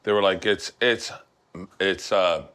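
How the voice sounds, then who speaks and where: A man hosting a casual cooking chat, telling stories loudly and laughing often. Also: low-pitched, fairly even intonation, takes it slowly, smooth. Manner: loud, laughing storyteller. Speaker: host.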